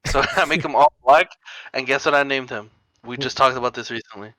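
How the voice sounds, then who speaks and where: A man's voice: medium pitch, brisk, pushed and bright, dry recording. A young man co-hosting a casual podcast, telling rambling stories full of "like" and laughing often. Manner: rambling storyteller, heavy filler "like", laughs often. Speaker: podcast co-host. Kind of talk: casual chat.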